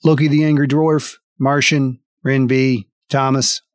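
Guy dm, middle-pitched voice, rambly and sarcastic, swears a bunch. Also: little pitch movement, a little slow, no room sound. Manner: wry, rambling, profane. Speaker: dungeon master. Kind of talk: tabletop game narration and patron thanks.

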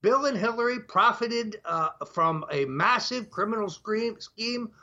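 Heard on dull lo-fi audio, the older man's voice is high-pitched, expressive and sharp, and he takes an unhurried pace. As a talk show interview guest, he talks emphatically and numbers off his points.

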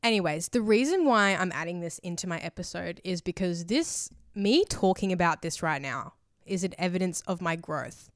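A woman's voice: fairly low pitch, lively intonation, normal speed, no echo, studio quality. A woman hosting a solo podcast, talking in a rambling, emotional way full of fillers and casual swearing. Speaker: podcast host.

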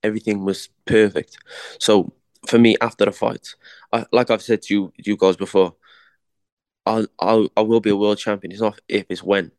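A man's voice: fairly low pitch, flat delivery, normal speed, darkish tone, no room sound, clean studio sound. A young man, a boxer, chatting casually in an interview, slangy and repeating words as he tells his story.

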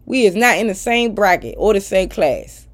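A woman's voice: mid-range voice, lively intonation, moderate pace. A middle-aged woman ranting bluntly and profanely at her followers in a casual vlog. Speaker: social media personality.

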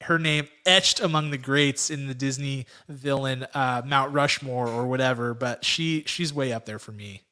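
Bright-toned, enthusiastic man on a podcast. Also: medium pitch, moderate pace, few pauses. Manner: enthusiastic, emphatic. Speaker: podcast co-host. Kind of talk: casual movie review chat.

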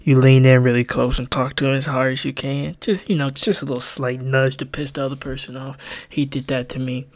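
A young man co-hosting a podcast, telling stories in a casual, animated way, swearing freely and laughing as he goes. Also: medium pitch, a little fast. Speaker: podcast co-host. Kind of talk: casual storytelling.

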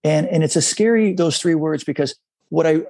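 A middle-aged man telling a candid personal story as a guest in a conversation, halting and confessional, acting out the voices of people he quotes. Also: fairly high pitch, a little mellow, no echo.

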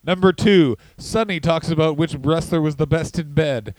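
A man co-hosting a comedy podcast, talking in a wry, deadpan, profane way in casual chat. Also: on the high side, normal speed, no echo, poor audio. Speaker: podcast co-host.

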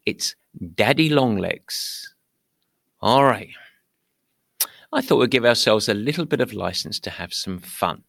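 British male podcast host, gravelly and dry-sounding, playful and theatrical. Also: lowish voice, expressive, unhurried, long pauses, fairly bright tone, dry recording. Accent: British English. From England. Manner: playful, theatrical, mock-indignant. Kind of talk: upbeat podcast monologue.

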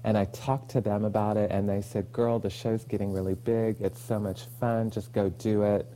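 A man's voice: lowish voice, moderate pace, slight background noise. A man from Oklahoma, a guest on a podcast, telling stories in casual chat and acting out the lines he quotes. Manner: animated storyteller, acts out quoted lines, laughs easily.

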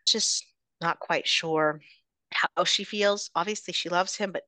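A woman's voice: lowish voice, steady tone, unhurried, pushed and bright, dry recording. A woman co-hosting a podcast, recapping a novel in casual chat with dramatic, suspense-building storytelling. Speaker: podcast co-host.

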